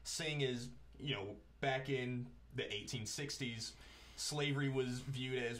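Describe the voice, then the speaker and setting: A male host chatting casually and earnestly, with a voice of middling pitch. He picks up viewer comments as he goes. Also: steady tone, a little slow. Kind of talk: casual interview chat.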